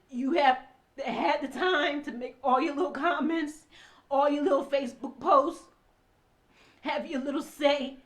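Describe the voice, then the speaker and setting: Tearful, impassioned high-voiced woman. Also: fairly even intonation, measured pace. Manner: impassioned, swinging from hushed to loud and forceful. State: crying. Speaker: speaker telling her own story. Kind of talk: emotional personal testimony.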